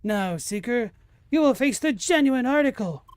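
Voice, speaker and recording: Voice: medium pitch, animated, normal speed, a little mellow, smooth, no echo, pitched above the performer's own voice, natural voice. A streamer voicing a pompous game villain, reading the dialogue aloud in a grandiose, commanding way. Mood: gloating.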